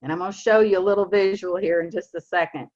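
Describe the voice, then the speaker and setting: A woman's voice: on the low side, steady tone, darkish tone. A woman in her sixties with a Southern accent, giving an earnest, emphatic motivational talk to her team on a video call. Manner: earnest, emphatic, stresses key words slowly. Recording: muffled lo-fi video call audio.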